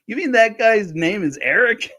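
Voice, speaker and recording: Man doing a bewildered older actor, high and incredulous. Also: animated, normal speed, bright, forceful tone, no echo, clean studio sound, heavily acted. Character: bewildered older male actor, always in character.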